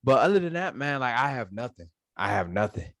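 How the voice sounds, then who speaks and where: A man's voice: medium pitch, very animated, brisk, a bit bright, dry recording, clean studio sound. A man, a Marine veteran guest on a podcast, chatting casually and emphatically, with a few stumbling restarts.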